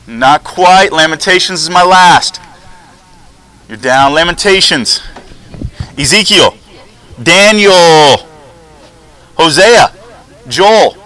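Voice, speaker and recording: A man teaching a junior high class, upbeat and coaching as he calls on students one by one. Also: pushed and bright, poor audio. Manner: upbeat, coaching, quick back-and-forth with students. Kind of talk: classroom lesson. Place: school classroom.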